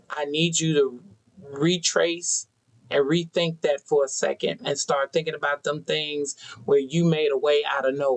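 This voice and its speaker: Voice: mid-range voice, poor audio. A tarot reader giving a spiritual card reading to viewers, talking to them directly in an earnest, preachy way with a lot of repetition. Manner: speaks to an unseen audience.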